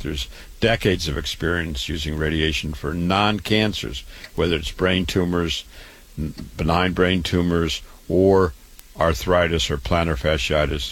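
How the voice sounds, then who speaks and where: This doctor has a deep, somewhat bright voice. He promotes his clinic through a health talk, going over the same points again and stringing items together in lists.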